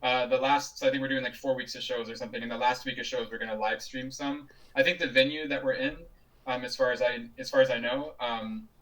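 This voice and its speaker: A man's voice: mid-range voice, fairly even intonation, fast talker, a bit bright, recorded from a distance, poor audio. A man being interviewed over a video call, telling stories casually with frequent laughs and restarts. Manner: chatty, laughs often, many restarts. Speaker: juggler and guest.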